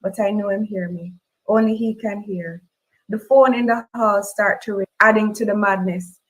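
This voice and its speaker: A woman with a Jamaican accent reading a novel aloud in the first person, moving from a steady telling to high emotional cries. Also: moderate pace, rough recording. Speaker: reader. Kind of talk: audiobook-style fiction reading.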